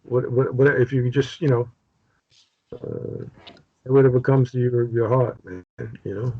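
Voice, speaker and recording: A man's voice: mid-range voice, fairly even intonation, a little slow, breathy edge, no room sound. A man with a New York accent leading a casual Bible study over a video call, chatty and joking, with lots of fillers. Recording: dull video-call audio.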